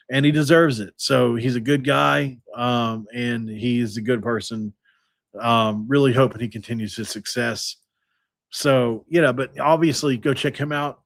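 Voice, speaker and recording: A man's voice: mid-range voice, fairly bright tone, no room sound. A man hosting a sports podcast, signing off in a loose, rambling way with lots of fillers and restarts, close to the mic. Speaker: podcast host. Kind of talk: casual podcast sign-off.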